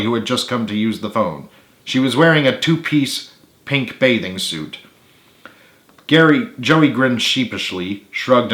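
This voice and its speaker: A man, the author, narrating his own book in a steady read-aloud. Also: medium pitch, echoey room.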